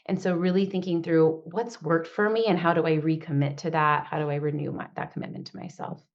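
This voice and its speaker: A woman's voice: deep voice, fairly even intonation, muffled recording. Upbeat woman coach on a video call. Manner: upbeat, talks in quick bursts, acts out quotes. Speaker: business coach leading a group call. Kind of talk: casual group coaching talk.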